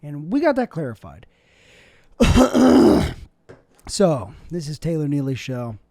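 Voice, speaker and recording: Young male host, mellow warm voice, dry close sound, rambling and self-mocking monologue. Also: a little high, very animated, slow pace, gravelly, dry recording. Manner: rambling, self-deprecating, jokey. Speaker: show host. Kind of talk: casual solo vlog monologue. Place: indoors at home, his bedroom.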